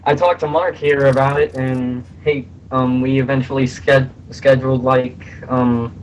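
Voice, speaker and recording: Hesitant young man, slightly hoarse. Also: medium pitch, flat delivery, a little hiss or hum, rough recording. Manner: halting, many fillers and restarts. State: slightly hoarse, a little sick. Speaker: voice actor guest. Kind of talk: casual interview on a voice call. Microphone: voice call.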